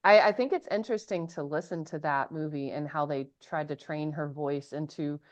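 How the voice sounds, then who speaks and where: A woman from Mississippi hosting a casual interview, animated as she tells stories and acts out what people said. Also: deep voice, normal speed, dry recording. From Mississippi, United States. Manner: animated storyteller, quotes people in lively voices. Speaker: host. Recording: dull lo-fi sound.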